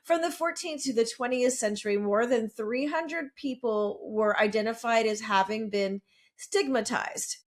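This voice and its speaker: A woman's voice: a little high, unhurried. A woman co-hosting a casual podcast, chatting and reading lore aloud in a self-deprecating way. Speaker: podcast co-host presenting lore. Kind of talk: casual podcast recap chat.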